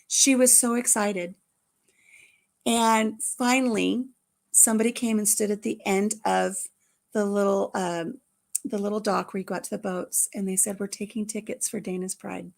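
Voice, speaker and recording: Gravelly-voiced grandmother telling a story. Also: on the high side. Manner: animated storyteller, acting out voices. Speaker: host. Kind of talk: casual storytelling chat.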